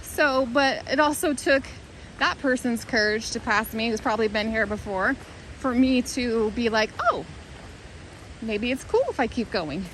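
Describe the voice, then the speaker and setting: A woman's voice: fairly high pitch, a little slow, a bit bright, a little hiss or hum, poor audio. A woman talking to the camera while walking a hiking trail outdoors, thinking aloud in an earnest, rambling, reflective way. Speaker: vlogger.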